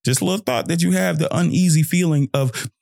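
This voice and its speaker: Slangy young man with a gravelly voice. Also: brisk, no room sound, clean studio sound. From Fort Worth, Texas. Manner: loose, slangy and animated, jumps into high mocking voices for quoted thoughts. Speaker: podcast host. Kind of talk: solo motivational podcast monologue.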